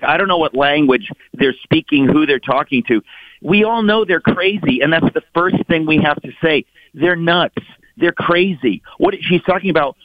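A man's voice: on the high side, no room sound. Emphatic middle-aged man over a tinny phone line. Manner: emphatic, mocking, animated. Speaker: guest author. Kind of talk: radio talk show commentary.

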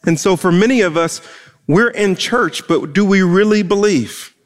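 Male pastor, very high voice, impassioned sermon, long hall reverb. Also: normal speed. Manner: impassioned preaching, repeats words when pressing a point. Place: church stage.

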